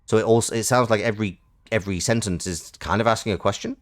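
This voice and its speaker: A man streaming a game, reading its text aloud and chatting in animated, quick asides. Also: on the low side. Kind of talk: casual game playthrough with narration.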